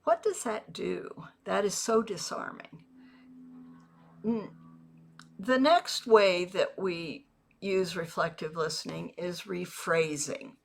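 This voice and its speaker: A woman who works as a network marketing mentor, teaching a video lesson in a measured, deliberate way and repeating example phrases. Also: fairly low pitch, vocal fry.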